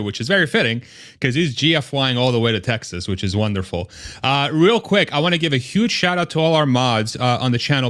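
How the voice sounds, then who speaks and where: An upbeat man hosts a casual live stream, quick to laugh and now and then stumbling over a word. His voice sits in an ordinary middle pitch. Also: a bit bright. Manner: upbeat, laughs often, trips over words.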